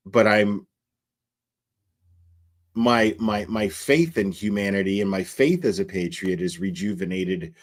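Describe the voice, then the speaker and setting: Slow-talking, halting male livestream host. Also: sits low. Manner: halting, many fillers and restarts. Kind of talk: casual live commentary.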